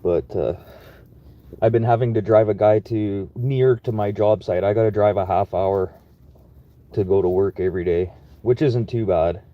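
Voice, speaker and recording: Brief: young Manitoba man, low voice, casual profane vlog chat, dull lo-fi sound. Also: moderate pace. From Manitoba, Canada. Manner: profane, laid-back and chatty. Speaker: construction worker vlogging. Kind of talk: casual rambling monologue.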